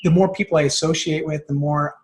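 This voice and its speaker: Quick-talking guy in his 30s, kinda high voice, earnest and reflective, lots of likes. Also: fairly even intonation, slight background noise. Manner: earnest, reflective, many fillers and restarts. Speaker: guest, men's group founder. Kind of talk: casual interview chat.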